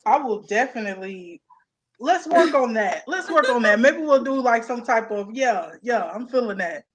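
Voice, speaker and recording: A young woman co-hosting a casual chat, animated and playful, laughing often. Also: on the high side, normal speed. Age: young adult. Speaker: co-host.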